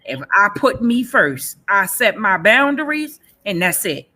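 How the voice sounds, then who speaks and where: A woman's voice: mid-range voice, very animated, measured pace, pushed and bright. A woman in her forties speaking earnestly about her own life. She talks emphatically and repeats her key phrases. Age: 40s. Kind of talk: personal testimony in a panel session.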